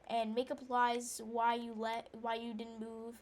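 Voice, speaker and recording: Chatty female gamer with a highish voice. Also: monotone, unhurried. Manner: rambling, indignant, full of fillers and restarts; breaks off to react to the game. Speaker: gamer telling a story while playing. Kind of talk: casual storytelling chat.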